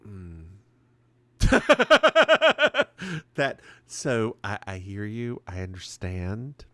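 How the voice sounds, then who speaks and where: Slow-talking, animated male podcast co-host. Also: fairly low pitch, dry recording. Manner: chatty, giggly, playful asides. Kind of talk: casual chat recapping a TV episode.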